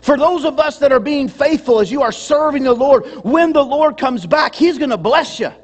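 A male pastor preaching a sermon, calling on his congregation to respond and at times shouting for emphasis. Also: extremely high pitch, expressive, moderate pace. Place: church sanctuary. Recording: long hall reverb.

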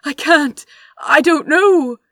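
A woman's voice: high-pitched, takes it slowly, bright, forceful tone, no room sound, pitched above the performer's own voice, full character voice. A woman voicing a timid, flustered man who stammers anxiously.

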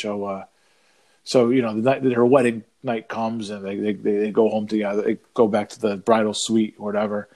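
A man's voice: lowish voice, little pitch movement, darkish tone. Rambling man telling a joke. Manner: rambling, halting with restarts, laughing. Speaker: podcast co-host. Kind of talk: casual chat, telling a joke.

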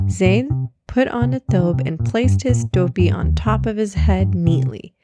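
A woman reading a children's story aloud in a gentle, clear way. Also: lowish voice, no room sound, studio quality.

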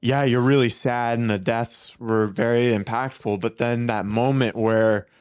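A man co-hosting a casual movie review podcast, joking and self-mocking as he tells his story with animated energy. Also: medium pitch, measured pace, clear, resonant tone. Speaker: podcast co-host.

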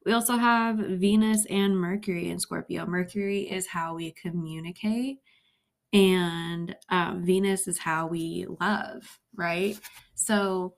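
A woman's voice: on the low side, fairly even intonation, slow, gravelly. A woman talks through her solo podcast in a loose, chatty way. Her speech has a Valley Girl lilt, full of "like" and "um", and she sounds a little nervous. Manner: Valley Girl-ish, lots of "like" and "um". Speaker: podcast host. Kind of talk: casual solo podcast chat.

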